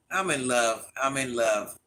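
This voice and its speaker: A man talking casually to camera, gushing and swooning, sometimes dropping soft and low as he muses. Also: a little hiss or hum. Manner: gushing, dreamy, swooning over things he loves.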